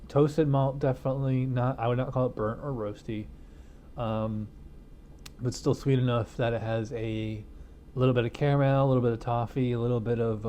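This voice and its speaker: A man's voice: medium pitch, warm tone, lo-fi sound, slight background noise. A man casually reviewing a beer in a home studio, rambling with lots of fillers and restarts and chuckling at his own jokes. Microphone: wireless lapel mic hidden behind a studio mic.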